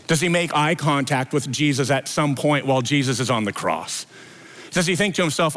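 A man's voice: brisk, a bit bright. A male pastor preaching an Easter sermon at a church service, telling the story with acted-out dialogue. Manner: storytelling, acts out quoted dialogue with lifted pitch.

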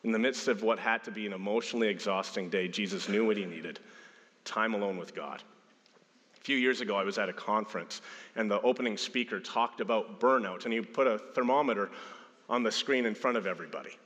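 A man's voice: fairly low pitch, fairly quick, fairly bright tone. A man in his thirties preaching a sermon as a pastor, telling stories and acting out quotes with a raised voice. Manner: storytelling, acts out quotes with a raised voice. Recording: long hall reverb.

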